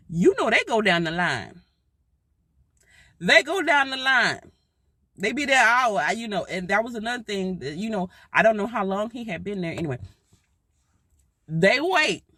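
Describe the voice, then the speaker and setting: A woman recounts a personal story to her viewers in a casual, emotional way, circling back to the same points for emphasis. Her voice sits a little high and swings widely in pitch. The sound is close and dry. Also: fairly bright tone, no room sound. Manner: emotional, heartfelt, repetitive. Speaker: mother telling a personal story.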